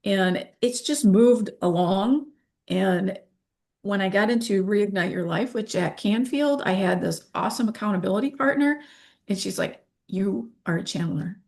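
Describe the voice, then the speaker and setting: Animated woman in her fifties. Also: medium pitch, moderate pace, vocal fry. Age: 50s. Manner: animated, acts out quoted dialogue. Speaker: interview guest. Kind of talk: candid interview talk.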